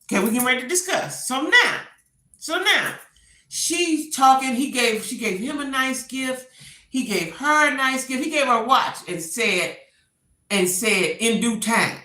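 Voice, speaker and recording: A woman's voice: a little high, echoey room. A woman doing casual gossip commentary, acting out the quotes as she retells a story. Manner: animated storytelling, acts out quotes.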